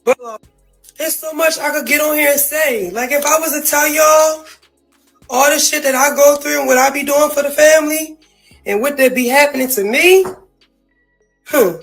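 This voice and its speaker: A woman's voice: high voice, normal speed, pauses often, faint music behind, low-quality recording. A woman in an emotional, profane, casual rant about family, often saying "you feel me" and near tears. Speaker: sister speaking out.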